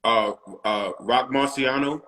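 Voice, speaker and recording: A man's voice: medium pitch, slow pace, pushed and bright. A middle-aged man from Long Island, a rapper guest, telling loose stories in casual interview chat and often asking "you know what I'm saying". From Long Island, New York.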